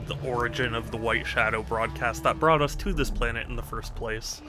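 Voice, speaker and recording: A man's voice: mid-range voice, steady tone, brisk, over music. A man streaming a video game, chatting casually with his viewers, laughing often and restarting sentences as he goes. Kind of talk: casual live-stream chat while gaming.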